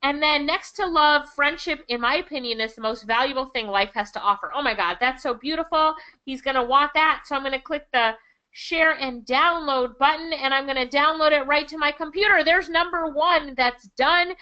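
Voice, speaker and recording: A woman's voice: sits high, normal speed, pushed and bright. A woman with a Jamaican accent giving an enthusiastic, chatty screen-share tutorial, laughing often as she walks through a design tool. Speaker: online income instructor. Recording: slightly dull lo-fi audio.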